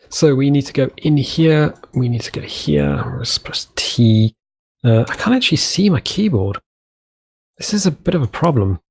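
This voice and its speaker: A man's voice: mid-range voice, mellow. A young man hosting a casual game commentary, chatting to himself in a rambling way and repeating words as he works. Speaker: gaming channel host. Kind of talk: casual let's-play commentary.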